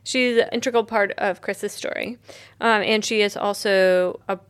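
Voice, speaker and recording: A woman's voice: mid-range voice, steady tone, moderate pace. A woman co-hosting a podcast, telling a researched story in a casual, rambling way with lots of fillers. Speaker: podcast co-host presenting research. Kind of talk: casual chat.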